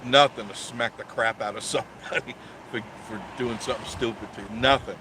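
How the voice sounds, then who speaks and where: A man's voice: mid-range voice, steady tone, fairly quick, noisy background. A man in his sixties hosting a live stream, chatting casually and joking sarcastically as he reads viewer comments. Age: 60s.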